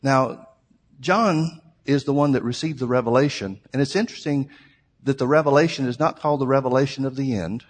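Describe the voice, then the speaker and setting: A man's voice: mid-range voice, a little fast, big-room sound. A man preaching a sermon, teaching through a Bible passage in a conversational way and asking rhetorical questions.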